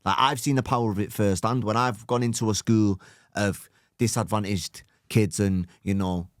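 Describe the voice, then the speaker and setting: A man's voice: fairly low pitch, fairly even intonation, moderate pace, no room sound, clean studio sound. A man hosting a podcast, talking in a reflective, encouraging way with lots of filler words. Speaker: podcast host, coach. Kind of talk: casual podcast chat.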